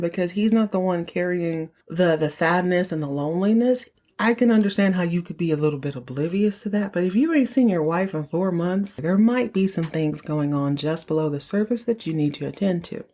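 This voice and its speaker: A woman podcast host giving a chatty, animated recap of a TV episode and acting out the characters' lines. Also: on the low side, fairly quick.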